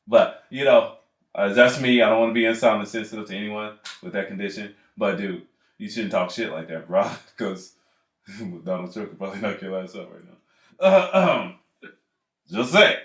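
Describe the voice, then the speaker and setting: A man's voice: fairly low pitch, moderate pace. A man on a casual podcast, telling stories in a rambling, profane way and laughing often. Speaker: podcast co-host. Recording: echoey room.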